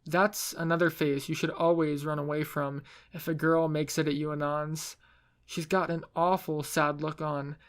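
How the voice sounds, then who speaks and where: A man's voice: a little high, flat delivery, moderate pace, a bit bright. A man narrating a first-person story in a wry, self-mocking way.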